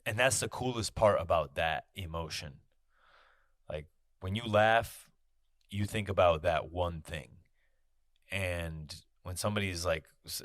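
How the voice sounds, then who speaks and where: A man hosts his own podcast from a podcast studio, speaking in a candid, casual monologue, swearing freely and peppering his talk with "you know". His voice is low and a bit bright, with studio-quality sound and no room echo.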